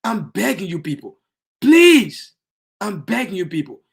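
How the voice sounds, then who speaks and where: Give me a man acting out a desperate governor pleading with a crowd, in a high voice. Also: sing-song, a little slow, vocal fry, breathy edge, heavily acted. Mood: begging. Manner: pleading, rising to shouts.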